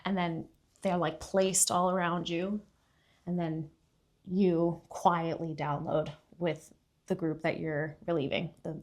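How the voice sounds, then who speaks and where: A young woman telling a story in casual chat, rambling with many fillers, sometimes dropping to a hush and then getting loud. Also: lowish voice. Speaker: podcast guest.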